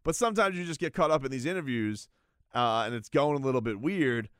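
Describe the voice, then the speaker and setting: A man hosting a sports radio show, talking casually in a rambling, animated way with many restarts. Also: medium pitch, fairly quick, clean tone, no room sound, studio quality. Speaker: boxing radio host. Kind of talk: casual sports talk monologue.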